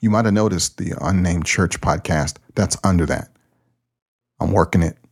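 A man's voice: low voice, normal speed, a little mellow, slightly rough. A man who hosts a podcast and pastors a church, talking in a loose, plain-spoken, conversational way. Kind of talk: casual podcast talk.

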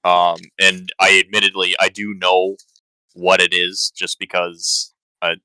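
A male podcast co-host talks casually, pausing and restarting as he goes. His voice is very deep and flat with a sharp, forceful tone. The sound is dry and close to the mic. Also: clear, resonant tone, dry recording, poor audio.

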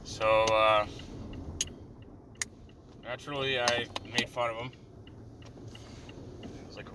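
A man's voice: mid-range voice, flat delivery, slow, long pauses. A young man rambling in a sardonic, profane, meandering way while he drives, talking to a camera in his car. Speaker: vlogger. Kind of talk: rambling casual monologue while driving. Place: inside a car on the road. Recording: road and engine noise.

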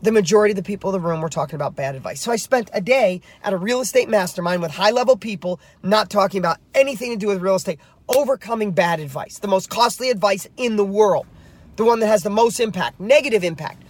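A man's voice: high-pitched, quick pace. A middle-aged man, a real estate coach, telling a story to camera while driving, emphatic and fired up.

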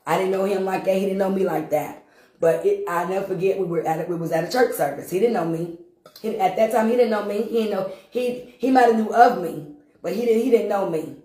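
A woman's voice: mid-range voice, brisk, dark tone. A woman minister giving her testimony to a congregation, talking emphatically, repeating herself for effect and breaking into laughter. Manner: repetitive, emphatic, bursts into laughter. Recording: roomy echo.

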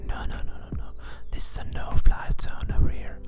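A man's voice: brisk, loud music behind the voice. A man hosting a podcast, joking his way through a playful whispered role-play outdoors with the microphone right at his mouth. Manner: playful, giggly, self-mocking. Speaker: podcast host. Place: outdoors among birdsong. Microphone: close to the mouth.

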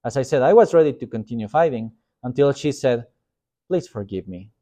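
A man's voice: medium pitch, fast talker, mellow. Male pastor, easygoing Sunday school teacher, talks like a friend, mid-range voice. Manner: conversational, self-deprecating, acts out quotes. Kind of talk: informal sermon.

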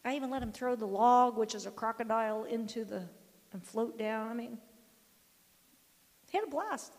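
Gravelly older woman preaching with reverb. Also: on the high side, normal speed, darkish tone. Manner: emphatic, firm, quotes scripture and acts out dialogue. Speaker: grandmother giving a devotional talk. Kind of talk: sermon-like storytelling devotional.

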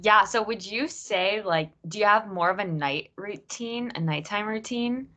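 A woman's voice: medium pitch, measured pace, sharp tone. A young woman hosting a casual group chat, asking questions in an upbeat, chatty way and laughing easily. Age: young adult. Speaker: discussion host.

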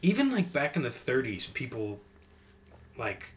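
A man hosting a casual podcast, talking in long rambling stretches full of fillers and breaking into animated impressions. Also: mid-range voice, measured pace, a little hiss or hum, poor audio. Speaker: podcast host.

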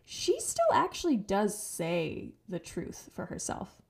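A woman's voice: medium pitch, huge pitch swings, takes it slowly, gravelly. A young adult woman co-hosting a podcast, giving blunt, emphatic opinions in casual chat. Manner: blunt, emphatic opinions with frequent agreeing interjections. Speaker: podcast co-host. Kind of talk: casual movie recap chat.

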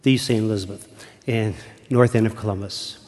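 An older man, a retired priest, preaching a sermon in a church, telling the story slowly and dropping to a hushed whisper at times. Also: on the low side, steady tone. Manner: slow, deliberate storytelling with dramatic hushed whispers. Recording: long church reverb.

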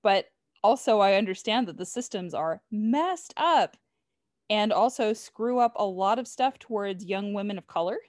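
A young woman co-hosting a podcast, chatty and quick to poke fun at herself. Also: medium pitch, expressive, a little mellow, dry recording, clean studio sound. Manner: chatty, self-deprecating. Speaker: podcast co-host. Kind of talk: casual chat.

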